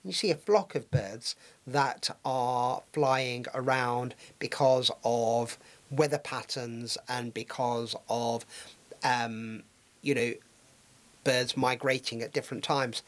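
A man's voice: medium pitch, animated, takes it slowly. A man hosting a casual discussion, talking with many ums and restarts. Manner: hesitant, many fillers and restarts.

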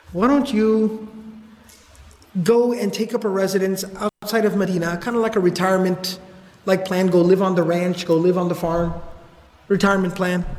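A man voicing a patient male leader who reasons calmly and persuasively with an old friend. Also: high-pitched, natural voice. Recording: echoey hall reverb.

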